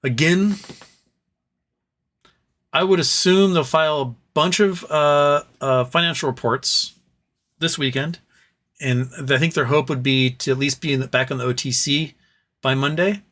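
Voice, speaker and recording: A man's voice: fairly high pitch, measured pace, pauses often, fairly bright tone. A man hosting a casual live stream, reading viewer comments aloud and answering them, tired and starting to lose his voice. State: tired, voice wearing out. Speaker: livestream host reading chat.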